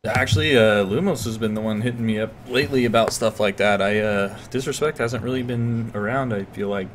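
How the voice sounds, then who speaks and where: A man's voice: lowish voice, a little fast, a little hiss or hum. A man streaming a game while drunk, chatting loosely with a friend, laughing and swearing casually.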